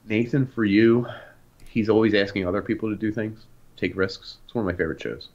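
A young man co-hosting a podcast, telling animated stories in casual chat and acting out the voices of people in them. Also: fairly low pitch, a little fast. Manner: animated, acts out voices in anecdotes. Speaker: podcast co-host. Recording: dull lo-fi sound.

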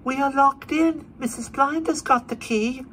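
A man voicing an earnest little boy of five, speaking slowly and simply in a very high voice. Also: pushed and bright, a little hiss or hum, exaggerated voice. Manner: very high, slow, childlike.

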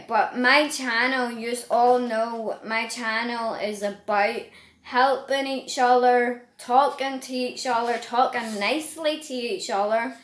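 A Northern Irish woman speaks earnestly into her camera, slow and halting as she hunts for the right words. Her voice sits fairly high, and the room around her rings with echo. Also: fairly bright tone. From Northern Ireland. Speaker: vlogger. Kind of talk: direct-to-camera vlog. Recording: echoey room.

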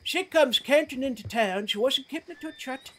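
A woman playing a blunt, stubborn frontier woman in a western role-play game, rambling in rough, ungrammatical talk as a witness. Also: high voice, expressive, a little fast. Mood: indignant.

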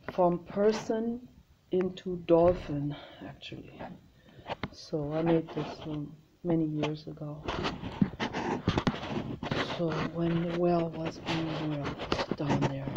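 A woman chatting casually in a home video, meandering and thinking aloud as she shows her art. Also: lowish voice. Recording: slightly muffled, faint hiss.

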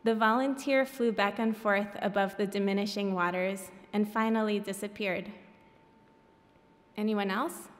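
A woman's voice: medium pitch, fairly even intonation, unhurried. A woman reading her own graphic novel at a public event, breaking off for wry, self-deprecating asides. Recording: echoey hall.

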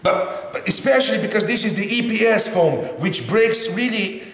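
Animated man with a lively, echoey voice. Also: high voice, normal speed. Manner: animated, theatrical complaining, tags lines with "eh?". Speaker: RC hobby channel host. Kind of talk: casual unboxing chat. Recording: echoey room with faint noise.

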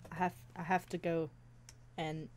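A woman's voice: on the low side, little pitch movement, a little slow, slight background noise. A young woman playing a horror game on her channel, talking casually, jittery and frightened, laughing nervously between lines. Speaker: let's play gamer.

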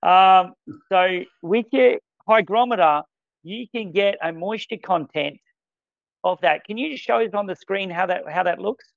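A man running a casual product training demo, talking with enthusiasm and quick exclamations. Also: high-pitched, gravelly, no echo. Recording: dull lo-fi sound.

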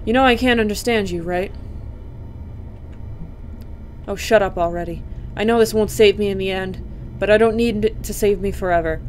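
A woman voicing a brooding young female cat in a game, slow and hushed delivery, mid-pitched voice, faint hiss behind. She sounds tired and wry. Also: close to an everyday voice. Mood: defiant.

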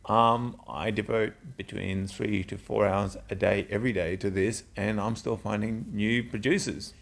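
Middle-aged man, low gravelly voice, loose rambling storyteller who swears a lot. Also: steady tone, normal speed. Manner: rambling, swears freely, tells bawdy anecdotes. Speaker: drinks reviewer and interviewer. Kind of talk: casual chat.

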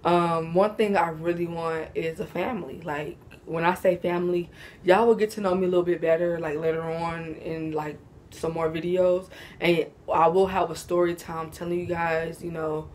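A woman's voice: on the low side, fairly even intonation, moderate pace, darkish tone, a little hiss or hum. Sleepy, laid-back young woman vlogging. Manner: laid-back, slangy, giggly. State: sleepy, yawning. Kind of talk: casual Q&A chat to camera.

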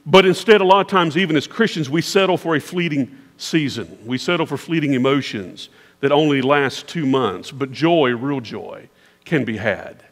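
A man's voice: mid-range voice, lively intonation, normal speed. A man preaching a sermon as pastor, with an emphatic, repetitive preaching cadence. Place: large church sanctuary. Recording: long church reverb.

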